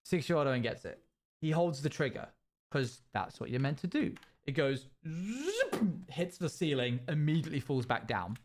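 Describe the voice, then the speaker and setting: A man's voice: medium pitch, fairly quick. A young man streaming a game and telling a rambling story with sound-effect noises. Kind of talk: casual storytelling while gaming.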